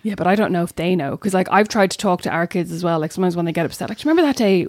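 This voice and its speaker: Middle-aged female co-host, rapid, witty, dry close recording. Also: on the low side, lively intonation, darkish tone, no echo. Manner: quick, joking interjections. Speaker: podcast co-host. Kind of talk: casual chat.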